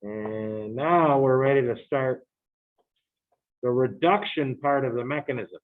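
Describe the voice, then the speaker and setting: A man's voice: medium pitch, unhurried. Chatty male chemistry lecturer, tinny audio. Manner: chatty, joking asides to students. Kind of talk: recorded lecture.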